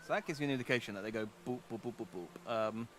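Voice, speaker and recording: A man's voice: medium pitch, rapid-fire. Chatty man rambling through a game. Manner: rambling, self-correcting, chatty. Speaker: VTuber streamer. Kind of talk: casual gameplay commentary.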